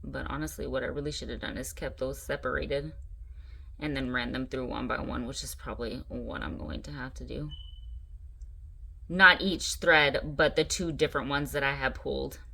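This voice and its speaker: A woman hosting a casual crafting tutorial, chatty and excitable, gushing over her supplies. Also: extremely low pitch, moderate pace, creaky. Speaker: craft channel host.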